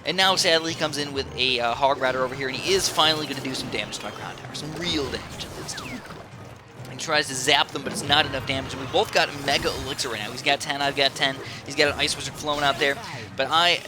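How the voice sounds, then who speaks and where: A man giving casual, rambling commentary over his own gameplay, bursting into sudden excited exclamations. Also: medium pitch, quick pace. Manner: rambling, with many fillers. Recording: clear music under the voice. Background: background music.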